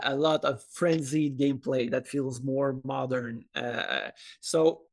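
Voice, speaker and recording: A man with a French Canadian accent answering interview questions, hesitant, with many filler sounds and restarts. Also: on the high side. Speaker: game studio representative. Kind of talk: video call interview answers.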